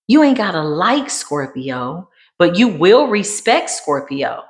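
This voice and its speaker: A woman giving a dramatic tarot card reading in a sassy way, dropping to a hush and then rising to emphatic bursts. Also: fairly low pitch, sing-song, slow, hardly any pauses. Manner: sassy, dramatic, swings between hushed and emphatic. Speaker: tarot reader.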